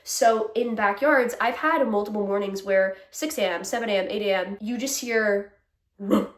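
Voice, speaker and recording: A woman's voice: mid-range voice, normal speed, far from the mic. A young woman ranting candidly in a casual vlog, exasperated and swearing freely, often breaking into laughs. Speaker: vlogger. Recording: echoey room.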